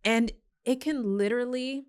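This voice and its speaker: A woman's voice: on the high side, normal speed, darkish tone, clean tone. A woman hosting a podcast, talking in an earnest, reflective way and often agreeing with her guest. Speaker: podcast host. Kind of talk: casual conversation.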